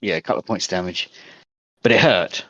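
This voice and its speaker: A man with a fairly low voice runs a tabletop game over online chat. He describes each scene in a rambling, hesitant way, stopping on small fillers as he goes. The sound is dry, with no room around it. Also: a little fast, pushed and bright, no echo, highs cut off. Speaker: game master.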